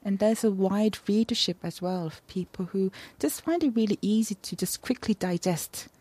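A woman contributing literary news in casual radio chat, talkative and quick to laugh. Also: medium pitch, dark tone, no room sound. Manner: chatty, laughs easily.

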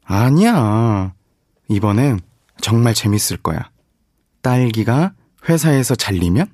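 A man voicing a playful young guy who cannot stop telling corny puns. He rattles off his lines at a very fast clip, eager and pushy. The recording is dry and close. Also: on the low side, very animated, a little mellow, no room sound. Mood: playful boasting. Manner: eager, pushy, pleased with himself. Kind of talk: scripted dialogue for a language lesson.

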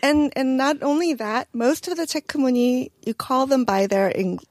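A high-voiced woman who teaches a casual language lesson. She explains terms patiently, agrees readily and giggles. The recording is dry and close. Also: a little fast, a little mellow, no echo.

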